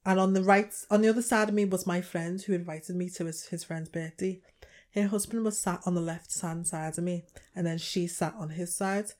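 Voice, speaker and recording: A young woman with a Liverpool accent co-hosts a casual podcast, her voice sitting a little low. She tells her stories with energy, acting out the lines of the people in them. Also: fairly quick. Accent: Liverpool English. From England. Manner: animated storytelling, acts out others' lines. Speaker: podcast co-host. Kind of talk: casual chat.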